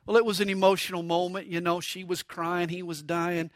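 A man's voice: high-pitched, little pitch movement, a little fast, hardly any pauses, no echo, studio quality. A man preaching a sermon, mixing stories and jokes with acted voices for quotes. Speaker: pastor.

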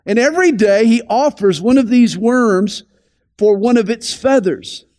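A man preaching a radio sermon, deliberate and emphatic, slowing down to stress key phrases. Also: very high voice, darkish tone. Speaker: pastor.

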